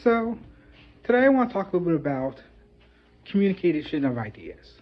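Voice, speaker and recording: A man's voice: sits high, very animated, fairly quick. A man hosting his own video, explaining ideas in a thoughtful, loose way with many filler phrases. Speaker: video host. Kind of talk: casual commentary to camera. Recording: dull lo-fi audio.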